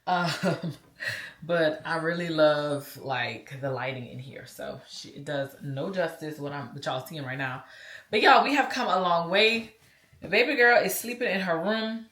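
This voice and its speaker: Her voice sits low and a bit bright, and she talks a little slowly. This forties-aged vlogger with a Louisiana accent chats casually with her viewers, calling them "y'all," in a recording with a roomy sound.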